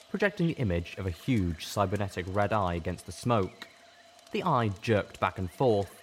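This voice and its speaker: A man narrating a first-person fan fiction story in a steady, measured way. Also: low-pitched, slight background noise. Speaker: audiobook reader.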